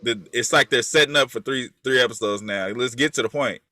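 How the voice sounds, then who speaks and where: A man's voice: medium pitch, brisk, dry recording, studio quality. A man co-hosting a TV show review chat, talking casually and acting out other people's voices for emphasis. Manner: animated, mimics voices for emphasis. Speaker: podcast co-host.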